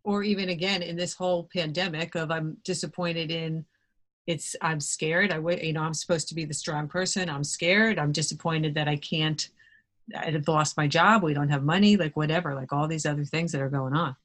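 A woman's voice: deep voice, fairly even intonation, normal speed, a bit bright. A woman hosting a casual podcast interview, chatty and adding her own examples. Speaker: podcast host.

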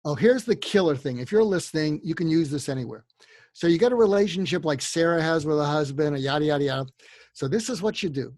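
A man appears as a psychotherapist guest in a casual podcast conversation, acting out sample dialogues in a livelier voice. His voice is on the high side, animated, fast and a little mellow, with no echo, captured on a remote call microphone.

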